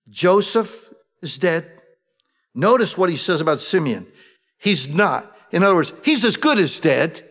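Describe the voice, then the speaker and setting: A man's voice: fairly high pitch, big pitch swings, a little slow. Man preaching in a reverberant hall. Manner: conversational, swings between emphatic and hushed. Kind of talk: sermon, reading and explaining scripture. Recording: long reverb of a large hall.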